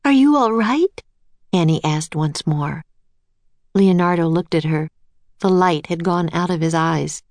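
A woman narrating a children's storybook in a calm, measured reading voice. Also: low voice, no room sound.

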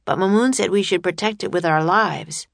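A woman's voice: fairly low pitch, moderate pace, creaky, dry recording. A woman voicing a cautious, anxious young boy in a storybook reading. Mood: uneasy. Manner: worried, urgent outbursts.

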